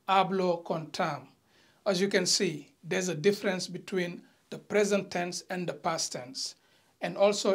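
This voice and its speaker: A teacher giving an online lesson, talking straight to viewers with light teasing and reading example sentences slowly and carefully. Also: medium pitch, fairly bright tone. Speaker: language teacher.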